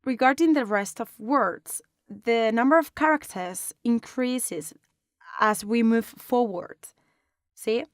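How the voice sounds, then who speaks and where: A woman explaining a design lesson step by step in a calm, instructional way, recorded as a close voice-over. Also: fairly high pitch, slow pace, no echo. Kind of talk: online lesson narration.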